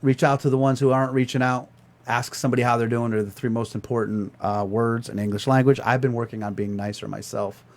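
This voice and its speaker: A man's voice: mid-range voice, steady tone, fast. A man hosting a podcast in casual chat, loose and joking, swearing freely. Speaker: podcast host.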